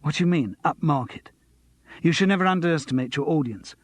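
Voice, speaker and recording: A man voicing a touchy male comedy writer who snaps back, quick to take offence. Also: on the high side, animated, no echo, voice pushed up, lightly acted. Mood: offended. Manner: snappish, offended.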